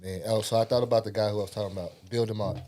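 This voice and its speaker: A man co-hosting a podcast who jumps in with fast, excited interjections. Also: fairly low pitch.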